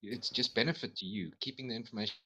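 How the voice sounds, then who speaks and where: A man's voice: fairly low pitch, fast, pushed and bright, dull audio, a little hiss or hum. A man playing a tabletop game over an online call, earnest and persuasive. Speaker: player. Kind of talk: casual chat and in-character talk.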